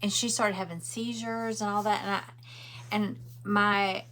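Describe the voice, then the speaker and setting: Speaking a little slowly with a level tone, a middle-aged woman on a craft livestream chats from home and replies to viewer comments as she works. Her voice is medium-pitched and a bit bright, with slight background noise.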